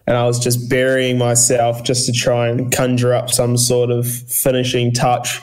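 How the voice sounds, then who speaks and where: A young man from New Zealand, a guest athlete chatting casually in an interview, relaxed and rambling with many fillers and restarts. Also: mid-range voice, moderate pace, smooth. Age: young adult. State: recovering from illness.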